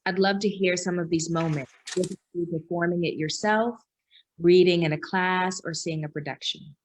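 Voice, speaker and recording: Low-voiced woman reading a question aloud. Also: steady tone, moderate pace, slight background noise. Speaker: panelist reading audience questions.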